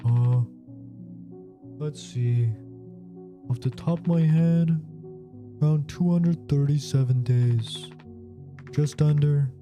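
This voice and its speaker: An actor playing a calm, thoughtful male ship captain who speaks in a measured way. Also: fairly high pitch. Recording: game dialogue over music.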